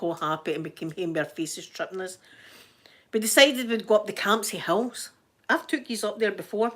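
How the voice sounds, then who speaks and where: A middle-aged Scottish woman chatting to her viewers, telling stories and acting out her own panicked screaming in sudden high bursts. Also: fairly bright tone. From Scotland. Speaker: live-stream host. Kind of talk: casual storytelling chat to viewers.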